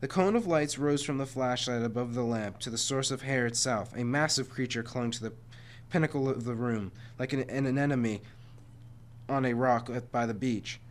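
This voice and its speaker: Man reading chapter book aloud, stumbles, self-corrects, mid pitch. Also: normal speed.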